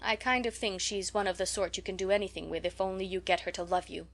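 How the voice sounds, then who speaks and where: A woman reading an audiobook and voicing a shy, mild elderly bachelor who speaks softly and reassuringly. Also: medium pitch, fairly even intonation, fast. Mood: gentle.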